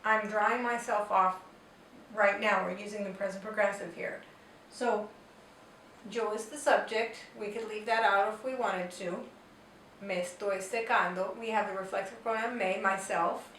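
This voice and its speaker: A woman's voice: medium pitch, steady tone, moderate pace, fairly bright tone. Woman teaching Spanish grammar, echoey room. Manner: patient, explains step by step with examples. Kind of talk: explaining grammar lesson. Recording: roomy echo, distant mic, faint noise.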